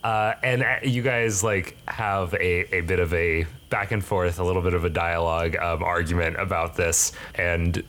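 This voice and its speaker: A man narrating as game master for a tabletop game, halting and searching for his words as he describes each scene. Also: deep voice, little pitch movement, fairly bright tone, slight background noise.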